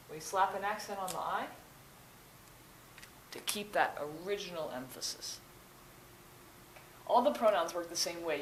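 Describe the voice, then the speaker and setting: A young woman teaching grammar, explaining the rules patiently, step by step. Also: fairly low pitch. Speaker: Spanish teacher. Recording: echoey room, faint noise.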